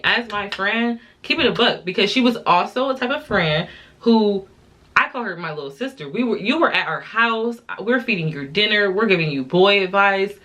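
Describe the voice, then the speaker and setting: A woman's voice: mid-range voice, lively intonation, moderate pace, a bit bright, a little hiss or hum. A woman in her twenties, a little drunk, chatting to viewers in a casual, exasperated, slangy storytime vlog. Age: 20s. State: tipsy from drinking. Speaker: vlogger. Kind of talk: casual storytime while doing makeup.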